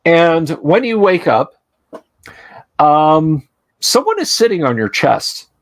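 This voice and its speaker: A man's voice: on the high side, sing-song, takes it slowly, no room sound. Man as game master, livestream tabletop game, rambling with chuckling asides, dry close sound.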